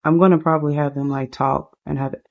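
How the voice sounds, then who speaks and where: A woman with a low voice gives loose, chatty commentary over a life-sim game. She rambles through what her characters will do next. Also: fairly even intonation, brisk, creaky, a little mellow. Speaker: game streamer.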